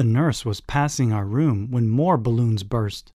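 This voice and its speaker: A man reading a children's story aloud, in a measured, expressive way. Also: mid-range voice, dry recording, clean studio sound. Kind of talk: scripted narration of a children's story.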